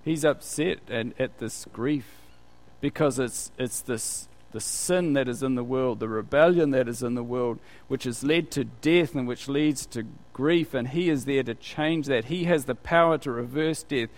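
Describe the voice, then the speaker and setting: A man's voice: medium pitch, a little slow. A man preaching a conversational sermon, full of rhetorical questions.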